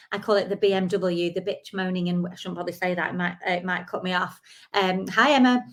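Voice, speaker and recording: A woman, a life and business coach giving a chatty, encouraging live-streamed talk with frequent fillers into a phone or webcam. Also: medium pitch.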